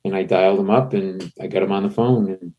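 A male comedian spins animated, self-mocking stories as a podcast guest. His voice has a husky edge, and he rambles with plenty of asides. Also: low-pitched, a little fast, muffled recording. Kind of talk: casual storytelling interview.

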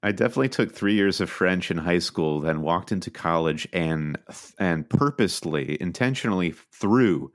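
Deep-voiced wry podcast host. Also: male voice, animated, moderate pace, few pauses. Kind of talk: casual podcast chat and sponsor reads.

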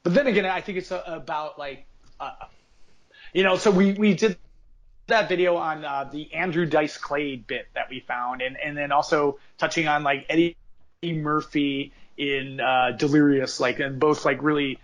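A man's voice: on the high side, fairly even intonation, normal speed. A man co-hosting a podcast, talking casually in a rambling way full of restarts and fillers. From United States. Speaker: podcast co-host. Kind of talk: casual chat.

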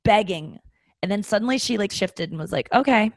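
A woman's voice: medium pitch, a little fast, no room sound. Rambling, candid woman podcast host. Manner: rambling, with many fillers and restarts; candid and self-mocking. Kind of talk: casual confessional monologue.

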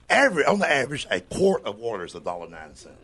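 Husky-voiced comedian grumbling. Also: male voice, medium pitch, brisk. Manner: drawling, wry, grumbling, lively with mock voices. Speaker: comedian guest. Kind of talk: comic storytelling on a radio talk show. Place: radio studio.

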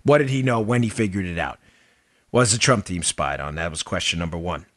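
A man hosting a political talk show, animated and emphatic, sarcastic and quick to laugh. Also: sits low, no echo, studio quality. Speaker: host.

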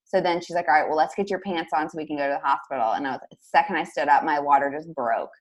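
A young woman telling a personal story as a podcast guest, chatty and full of fillers. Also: low-pitched. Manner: fast, chatty, lots of "like". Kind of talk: casual storytelling.

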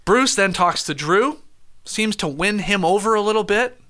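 A man with a high, bright, forceful voice talks through a show recap like an easygoing podcast host. He walks through events step by step and drops in plenty of "uh"s as he goes. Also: animated. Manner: lays out events in quick order with many "uh" fillers. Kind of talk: casual recap chat.

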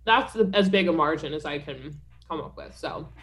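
A woman's voice: sits low, normal speed. A woman co-hosting a podcast, chatting casually with a wry, self-deprecating manner. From Pennsylvania, US. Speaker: podcast co-host. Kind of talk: casual chat.

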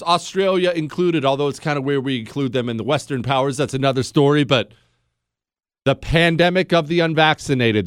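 A man's voice: a little high, fairly bright tone, smooth, no room sound. A man hosting a talk radio show, ranting with passion and sarcasm into a studio mic.

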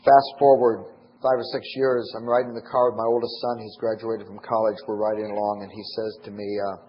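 A man's voice: on the low side, a little fast, muffled recording, slight background noise. A middle-aged man giving a recorded sermon, telling stories animatedly and acting out the dialogue. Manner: animated storytelling, acts out dialogue. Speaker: conference speaker.

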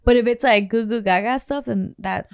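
A woman co-hosting a casual group chat, talking in an animated way and acting out little voices. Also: fairly high pitch, moderate pace, creaky, clean tone, no room sound, clean studio sound. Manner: chatty, animated, acts out voices. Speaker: podcast co-host.

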